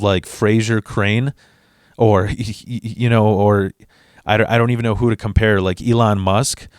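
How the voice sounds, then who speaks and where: A man's voice: fairly low pitch, clean tone, dry recording, studio quality. A man casually telling a personal story on his video channel, rambling, with frequent stammered restarts and heavy swearing.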